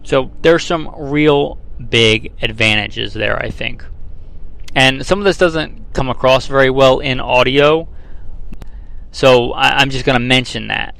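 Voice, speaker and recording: A man's voice: mid-range voice, measured pace, gravelly, fairly bright tone, poor audio. A man, a firearms trainer, talking through a casual instructional lesson in a conversational way, repeating key figures and dropping dry sarcastic asides.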